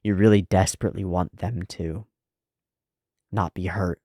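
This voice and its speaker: A man's voice: low voice, fairly even intonation, moderate pace, mellow, dry recording, clean studio sound. A man reacting to an anime episode, thinking aloud in a casual, reflective way and often saying "like". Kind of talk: casual analytical commentary.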